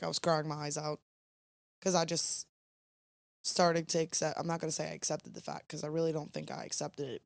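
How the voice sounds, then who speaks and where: A young woman with a low voice, recorded without echo, co-hosts a podcast and tells a rambling story late at night. Tired and yawning, she's chatty and uses plenty of fillers.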